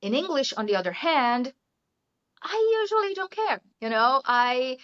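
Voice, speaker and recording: A woman's voice: high voice, very animated, a little slow. A Brazilian woman speaking English with a Brazilian Portuguese accent, an English teacher chatting casually as an interview guest, laughing often and leaning on "you know". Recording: muffled lo-fi audio.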